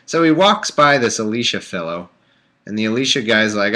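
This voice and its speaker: A man with a fairly low, bright voice reads old scripture on a live stream. He keeps wandering off into casual, joking tangents before going back to the text. He talks into a computer microphone. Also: a little fast. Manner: rambling, jokey asides. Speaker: livestream host. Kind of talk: reading scripture aloud with casual commentary.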